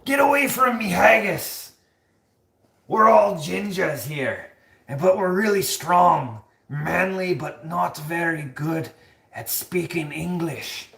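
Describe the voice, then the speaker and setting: A man's voice: lively intonation, slow pace, creaky, roomy sound, full character voice. A man putting on an exaggerated Scottish accent to play a blustering, brawny comic Scotsman. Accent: put-on Scottish. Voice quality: loud, high, exaggerated shouting.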